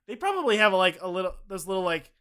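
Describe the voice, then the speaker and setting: A man co-hosting a podcast who riffs in a goofy, playful way. His voice is high for a man, bright and ringing, with a smooth, clean tone. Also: sing-song, fast talker. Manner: goofy, riffing. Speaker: podcast co-host. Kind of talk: casual chat.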